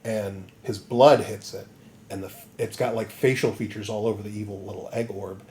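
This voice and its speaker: A man hosting a podcast, recapping a story in an animated, rambling comedic way. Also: fairly low pitch, normal speed, a little hiss or hum. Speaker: podcast host.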